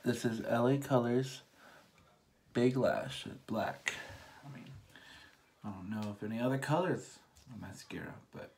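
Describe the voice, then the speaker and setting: A beauty vlogger chatting through a casual makeup tutorial with theatrical exclamations and quick whispered asides. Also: mid-range voice, a little mellow.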